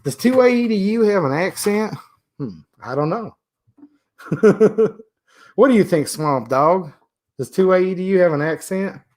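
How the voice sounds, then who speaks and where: A man's voice: high-pitched, lively intonation, measured pace, darkish tone. Chatty man hosting a livestream. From Michigan. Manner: chatty, joking, rambling asides. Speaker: livestream host. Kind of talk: casual livestream chat reading viewer comments.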